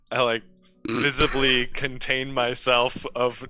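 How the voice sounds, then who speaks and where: A man's voice: medium pitch, bright, forceful tone, no room sound. A man playing a tabletop game, asking wary, pointed questions. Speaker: player. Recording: dull, dry recording.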